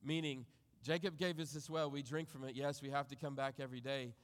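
A pastor's medium-pitched voice, with fairly even intonation, reads scripture during a sermon and reflects on it at a measured pace. His phrases trail off softly, followed by a long reverb tail.

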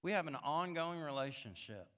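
Pastor preaching in a reverberant hall. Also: male voice, a little high, lively intonation, moderate pace. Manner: builds from quiet reflection to emphatic, rising passages. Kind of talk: sermon.

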